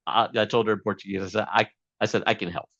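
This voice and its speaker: A man's voice: lowish voice, steady tone, fast, a bit bright, no echo, dull audio. A man being interviewed as a guest, telling a long story casually with many fillers and restarts.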